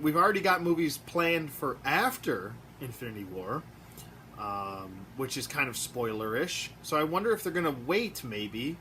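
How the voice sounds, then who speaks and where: Excitable male collector, bright voice. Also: mid-range voice, slight background noise. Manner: excitable, rambling, many fillers. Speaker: toy collector vlogger. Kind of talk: casual rambling review vlog. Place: room at home.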